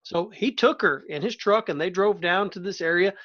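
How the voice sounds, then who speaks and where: A man with a high voice hosts a casual podcast and spins a playful, rambling story. The sound is a little dull and lo-fi. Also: moderate pace. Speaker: podcast host. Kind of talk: casual chat.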